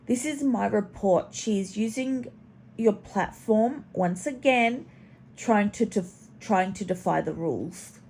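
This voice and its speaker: This commentary channel host speaks slowly in a medium-pitched, darkish voice over slight background noise. She's chatty and snarky in her casual reactions, swears occasionally, and baby-talks to her pet.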